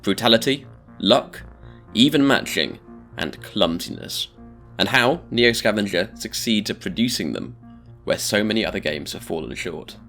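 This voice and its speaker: A man giving a scripted video-essay narration in a measured, deliberate way. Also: lowish voice, expressive, a bit bright, soft background music.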